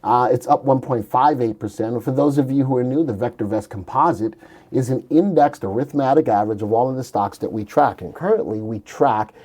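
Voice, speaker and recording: A man's voice: mid-range voice, fairly quick, a little mellow. A man hosting a live online stock market session as senior instructor, explaining things in a casual, conversational way and often restarting sentences. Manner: conversational, self-correcting, upbeat explainer. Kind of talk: casual livestream presentation.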